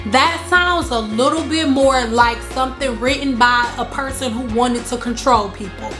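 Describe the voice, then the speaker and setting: A woman with a fairly high voice gives a casual spiritual talk to camera. She is emphatic, repeats her lines for stress and tells stories with energy. Soft music plays faintly behind her. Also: normal speed. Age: adult, married. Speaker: spiritual vlogger.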